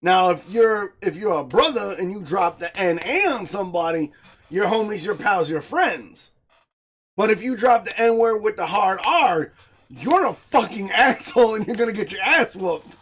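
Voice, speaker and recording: High-voiced, lively man who laughs a lot. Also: moderate pace, breathy edge. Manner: laughs often, animated, swears casually. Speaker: podcast host. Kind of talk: casual chat.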